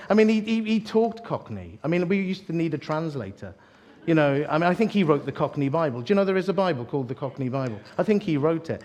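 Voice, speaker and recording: Joking preacher telling stories. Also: male voice, on the high side, fairly quick. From East London. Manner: animated, joking storyteller with asides to the audience. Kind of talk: sermon.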